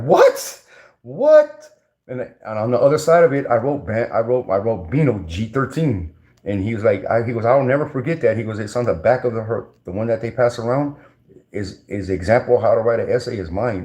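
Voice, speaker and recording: A man's voice: fairly low pitch, mellow. Slangy, rambling man. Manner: slangy, rambling, many restarts and fillers. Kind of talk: casual storytelling.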